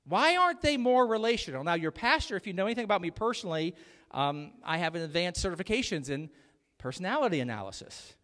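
A middle-aged man preaches a conversational sermon from the pulpit, teasing his congregation and asking them to answer back. His voice sits a little high and moves up and down a lot. The sound carries the long reverb of a large church sanctuary. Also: very animated, fast talker, fairly bright tone. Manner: chatty, jokey preaching with audience call-outs. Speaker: pastor.

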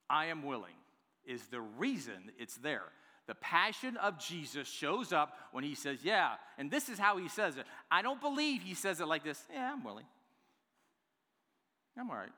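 A man preaching a sermon to his church, swinging between hushed, drawn-out lines and loud, emphatic ones. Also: fairly high pitch. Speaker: pastor. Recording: long hall reverb.

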